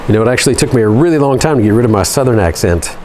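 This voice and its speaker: A man's voice: mid-range voice, lively intonation, racing, a little mellow, slight background noise. A man from Georgia hosting a hobby channel, chatting casually and joking at his own expense while he tinkers at a workbench. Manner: joking, self-deprecating, talks while tinkering. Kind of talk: casual workshop chat.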